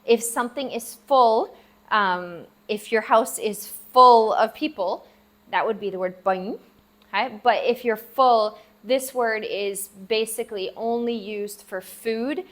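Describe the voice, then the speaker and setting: A woman's voice: a little high, unhurried, a bit bright. A woman teaching a language lesson, patiently sounding out each syllable several times while writing words out. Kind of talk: casual spoken lesson. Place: at a table, writing for the viewer.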